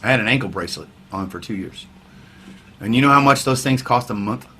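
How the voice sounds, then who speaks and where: A man, a veteran musician telling his story in a casual interview, candid and wry, swearing freely and dropping into quiet asides. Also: medium pitch, a little fast, slight background noise. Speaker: podcast guest, veteran musician.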